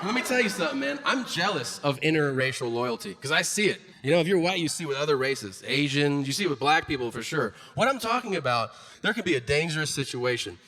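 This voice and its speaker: A man performing a stand-up comedy set, telling stories and acting out other people's voices and shouts. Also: fairly high pitch, fast talker, few pauses. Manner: animated storytelling, acts out voices and shouts. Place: comedy stage before a live audience. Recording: live room with audience noise.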